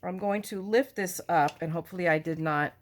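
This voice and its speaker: A woman's voice: lowish voice, brisk. Chatty woman hosting a crafting tutorial. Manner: chatty, self-joking, rambling asides; loud talker. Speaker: card-making tutorial host. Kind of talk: casual crafting tutorial chat.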